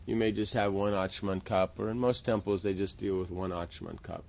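A man's voice: low-pitched, steady tone, normal speed, gravelly, darkish tone. Lo-fi man explaining worship steps. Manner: explanatory, repeats "Right?" to check understanding. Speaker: religious teacher. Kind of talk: instructional talk on temple worship.

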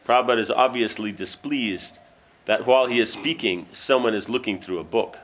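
A man reading a book aloud and breaking off into loose, halting asides full of fillers. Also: fairly low pitch, fairly bright tone. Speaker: reader.

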